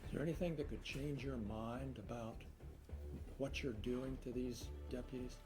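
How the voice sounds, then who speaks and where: A man cross-examining a witness in court, asking slow, leading questions one after another. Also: medium pitch, steady tone, over music. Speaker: lawyer.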